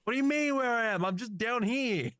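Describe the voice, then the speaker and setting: A man's voice: extremely high pitch, brisk, fairly bright tone, dry recording, studio quality, pitched above the performer's own voice. A man voicing a panicky, defensive exo character with a faintly robotic tinge in a tabletop game. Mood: indignant, panicky.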